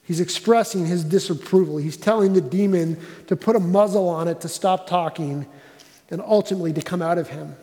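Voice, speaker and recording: High-voiced preacher in a reverberant hall. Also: male voice, fairly quick. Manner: conversational, animated preacher asking the room questions. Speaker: pastor. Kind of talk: sermon.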